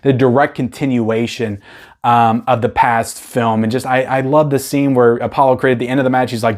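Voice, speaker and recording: A man's voice: medium pitch, fast talker, a little mellow. A man giving a casual, unscripted film ranking review to his viewers, rambling and enthusiastic as he talks off the cuff. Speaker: movie reviewer.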